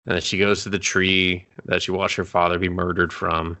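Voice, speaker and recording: A man from Canada co-hosting a casual movie review chat, sarcastic and profane, slipping into quick mock voices for the characters. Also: low-pitched, level tone, sharp tone. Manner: sarcastic, swearing, acts out characters in quick asides. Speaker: podcast co-host.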